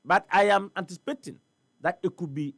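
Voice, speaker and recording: On a morning talk show, a Ghanaian-accented man speaks as a guest about port trade, talking fairly quickly in a high voice. The discussion is animated, and he keeps repeating himself emphatically and firing off rhetorical questions. There's no echo.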